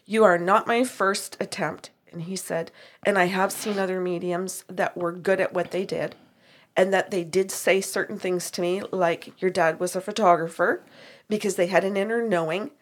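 A woman's voice: fairly low pitch, normal speed. A woman who works as a medium, telling a story about a reading and acting out both sides of the conversation. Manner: animated retelling with quoted dialogue. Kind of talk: storytelling chat.

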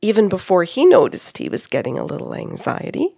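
A woman voicing a soft-spoken spirit of an old wife. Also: on the low side, huge pitch swings, brisk, gravelly, husky, no echo, clean studio sound, exaggerated voice. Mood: gentle. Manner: soft, patient instructions. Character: gentle spirit of a devoted elderly wife.

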